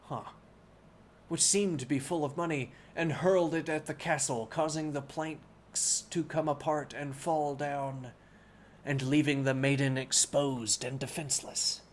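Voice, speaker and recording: A man reading a classic novel aloud as a bedtime story on a live stream, pausing now and then for unhurried, musing asides to his viewers. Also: on the high side, slight background noise.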